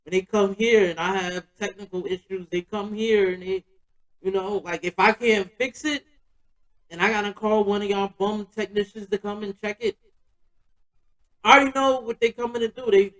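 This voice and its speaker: A man's voice: high-pitched, normal speed, a bit bright, low-quality recording. A man hosting a podcast, telling a personal story in a loose, slangy, conversational way. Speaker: podcast host.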